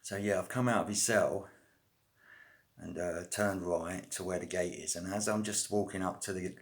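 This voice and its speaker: A middle-aged man with a low, deep voice chats casually to camera as a vlogger. He rambles along with plenty of fillers and slang. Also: fairly even intonation, moderate pace. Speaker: vlogger telling prison stories. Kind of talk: casual storytelling.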